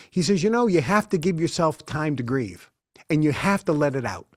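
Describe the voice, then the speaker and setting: A man's voice: a little high, animated, a little fast, dry recording. A man in his sixties, an interview guest in a studio, telling long stories and acting out the dialogue. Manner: anecdotal, acts out quoted dialogue.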